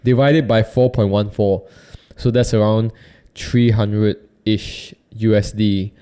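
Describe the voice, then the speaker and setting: Casting: young male reviewer, casual, rambling, self-correcting, slightly low voice. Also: fairly even intonation, measured pace, dark tone, clear, resonant tone. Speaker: YouTube host reviewing a microphone.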